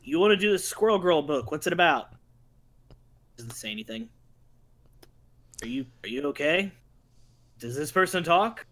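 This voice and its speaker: A man's voice: a little high, expressive, moderate pace, pauses often, a bit bright. Wry, joking male podcast co-host. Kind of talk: casual livestream chat.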